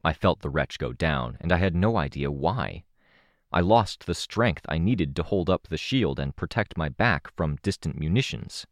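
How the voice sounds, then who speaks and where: Low-voiced guy reading an action story aloud, dramatic and steady, dry close sound. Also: moderate pace, no echo. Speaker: audiobook narrator. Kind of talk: scripted first-person narration.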